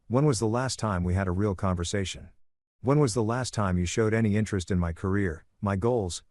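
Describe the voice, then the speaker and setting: A man reading the lines of a cold, calculating middle-aged woman executive in an audiobook story, calm and matter-of-fact with a cutting edge. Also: lowish voice, no echo, clean studio sound, close to an everyday voice.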